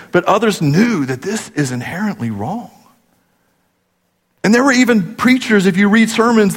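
A man preaching a sermon, telling stories animatedly and dropping low for serious points. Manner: animated storytelling, rising to emphatic peaks and dropping low for gravity. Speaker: pastor. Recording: long hall reverb.

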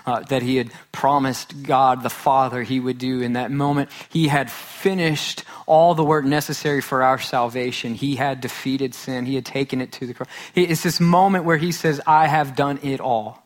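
A man in his thirties preaching a sermon in an earnest way, repeating phrases for emphasis. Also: medium pitch. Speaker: pastor.

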